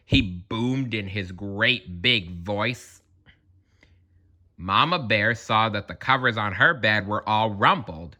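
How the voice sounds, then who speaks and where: A man's voice: lowish voice, pushed and bright. A man narrating a children's read-aloud story, playful and talking straight to the listener. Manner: playful, addresses listener directly.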